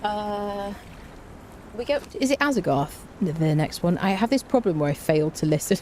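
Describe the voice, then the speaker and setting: A woman's voice: medium pitch, lively intonation, moderate pace, a little mellow, slight background noise. A woman streaming a survival game, talking casually and mocking herself, humming between remarks. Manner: chatty and self-mocking, hums to herself. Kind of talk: casual gameplay commentary.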